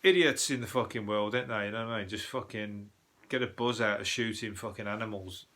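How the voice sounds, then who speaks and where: Sweary rambling man, bright voice. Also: fairly low pitch. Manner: sweary, rambling, puts on quick voices for people he mocks. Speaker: podcast host. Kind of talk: profane comic news rant.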